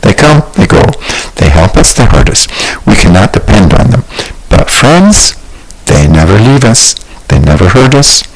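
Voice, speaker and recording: A man reading an audiobook, voicing a warm, dramatic adult man friend, earnest and theatrical. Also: fairly low pitch, big pitch swings, moderate pace, voice pushed up, low-quality recording. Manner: earnest, theatrical, sprinkles Spanish phrases. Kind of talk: audiobook character voice.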